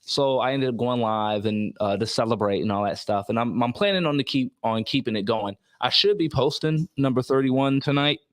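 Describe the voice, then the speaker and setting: A man's voice: mid-range voice, moderate pace, hardly any pauses, dry recording, clean studio sound. A young man, a comedian guest on a podcast, chatting loosely and repeating words as he goes. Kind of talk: casual podcast chat.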